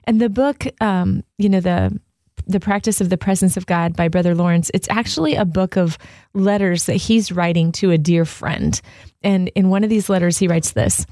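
A woman's voice: lowish voice, moderate pace, dark tone, dry recording, studio quality. A woman co-hosting a casual devotional chat, speaking earnestly and from the heart, with many "like" fillers. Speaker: co-host.

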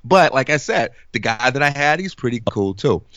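Animated young man telling a story. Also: medium pitch, moderate pace, no room sound, muffled recording. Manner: animated storyteller, laughs often. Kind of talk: casual storytelling chat.

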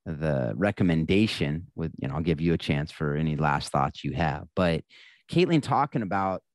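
A man co-hosting a podcast, talking in a relaxed, conversational way and going quieter when he reflects. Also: rumbling low, normal speed, no echo. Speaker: podcast co-host. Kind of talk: casual podcast chat.

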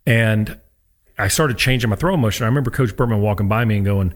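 Talking quickly in a voice that sits a little low, a former college pitcher tells stories as a guest in a casual interview. He's an animated storyteller, slipping into the voices of the people he quotes.

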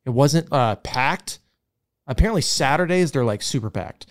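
A man's voice: medium pitch, expressive, moderate pace. A man co-hosting a podcast, telling his restaurant picks in a casual, chatty way. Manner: chatty storytelling, restaurant reviews. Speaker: podcast host. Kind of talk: casual chat.

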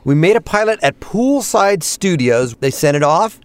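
A man, a voice actor and stand-up comedian, telling animated stories and slipping into character voices. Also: a little high, no room sound. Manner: lively storyteller, quick jumps into character voices. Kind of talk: animated anecdotes with voice impressions.

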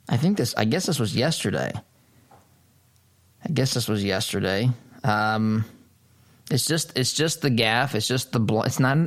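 Emphatic man doing political commentary. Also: medium pitch. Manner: emphatic, incredulous, repeats phrases for stress. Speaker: political commentator hosting a show. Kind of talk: opinion commentary monologue.

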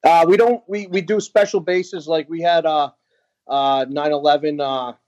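A man telling a heartfelt story as a podcast guest, earnest and halting with many fillers. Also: a little high, steady tone, darkish tone, no room sound, dull audio. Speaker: guest, veteran nonprofit founder.

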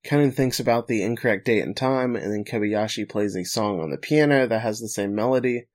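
A man's voice: on the low side, fairly quick, a little mellow. A man recapping an anime episode for a podcast, joking and laughing between plot summaries. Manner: narrates plot, then jokes and laughs. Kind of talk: casual recap chat.

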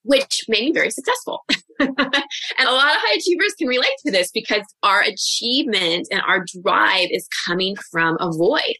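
A woman in her forties, a guest coach on a podcast interview, telling her own story in an open, reflective way with quick asides. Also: fairly high pitch, animated, pushed and bright, dry recording.

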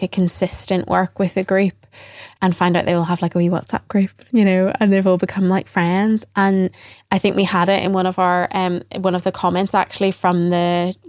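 A middle-aged woman with a fairly low, slightly mellow voice speaks earnestly and reflectively as a guest on a podcast. She is a trainer and former teacher who often quotes what people told her during this conversational interview. The studio recording is clean, with no room sound.

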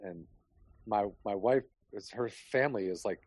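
A man's voice: lowish voice, moderate pace, breathy edge, no room sound. A man hosting a podcast over a remote call, rambling through stories in a casual chat and swearing freely. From Chicago area. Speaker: podcast host.

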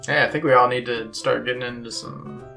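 A woman's voice: extremely low pitch, steady tone, a little fast, creaky, bright, forceful tone, soft background music. A woman co-hosting a casual podcast, asking curious questions and reacting briefly. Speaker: podcast co-host. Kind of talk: casual chat.

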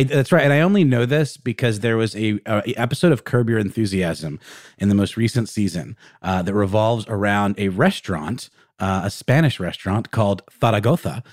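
Rambling man with a low dry voice. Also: moderate pace, no room sound. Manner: rambling, many fillers and restarts. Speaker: podcast co-host. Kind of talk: casual storytelling chat.

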